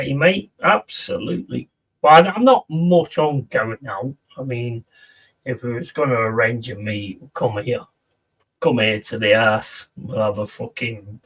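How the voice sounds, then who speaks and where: A man's voice: medium pitch, fairly bright tone, husky, distant mic. A man chatting casually on a live stream, reading out and answering viewers' messages and swearing freely.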